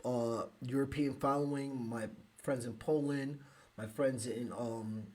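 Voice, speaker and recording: A man from the United States hosting a live podcast, speaking emotionally with halting restarts and sighs. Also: medium pitch, steady tone, a little mellow. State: emotional, close to tears. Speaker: podcast host.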